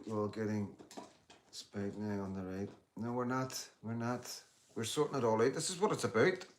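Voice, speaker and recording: A man's voice: on the low side, normal speed, slight background noise. Blunt man chatting on a livestream. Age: 50s. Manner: chatty and blunt, swears freely. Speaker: livestream host. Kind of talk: casual livestream chat, reading out viewer comments.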